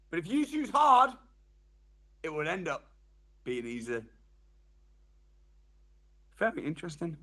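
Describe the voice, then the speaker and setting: A man, giving a motivational seminar talk as a training speaker, telling stories with sudden loud jumps and quiet drops. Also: high-pitched.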